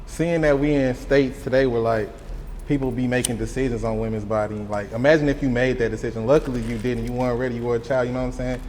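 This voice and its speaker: A man interviewing a guest, asking questions in a relaxed, conversational way. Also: mid-range voice, fast, a little hiss or hum. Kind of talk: casual interview. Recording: long reverb.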